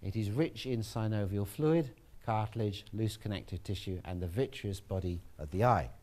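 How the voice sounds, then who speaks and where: Low, mellow-voiced man lecturing a class. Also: moderate pace. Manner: relaxed, chatty, with fillers and asides to the class.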